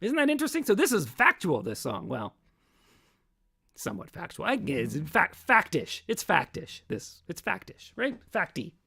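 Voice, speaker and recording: A man's voice: high voice, wildly swooping pitch, normal speed, creaky, few pauses, pushed and bright, slightly rough. A man hosting his own livestream as a singer-songwriter, chatting casually between songs in a rambling, self-mocking way that often trails off.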